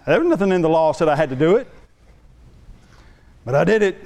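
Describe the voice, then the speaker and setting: A man preaching a sermon as pastor, telling a story in an animated way and acting out the voices he quotes. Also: on the high side, a little fast.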